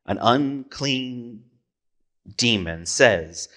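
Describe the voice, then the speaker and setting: A man's voice: mid-range voice, expressive, very slow, pushed and bright. A man preaching a sermon as pastor, conversational, asking rhetorical questions and correcting himself.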